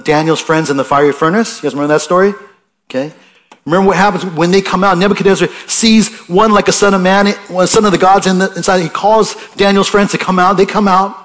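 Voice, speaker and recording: A man preaching a sermon in a conversational way, asking his listeners questions and reading scripture aloud with rising emphasis. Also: sits high. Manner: conversational, asks the listeners questions, restarts often.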